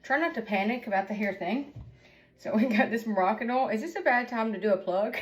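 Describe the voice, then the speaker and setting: A woman's voice: fairly high pitch, expressive, brisk. Shaken woman vlogger in shock. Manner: rambling, nervous laughter. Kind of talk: casual vlog.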